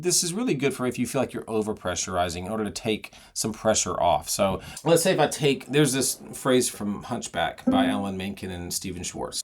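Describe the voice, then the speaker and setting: A middle-aged man giving a singing lesson, explaining and demonstrating vocal technique. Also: lowish voice. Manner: explanatory, demonstrates sounds and sung phrases. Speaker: singing voice teacher.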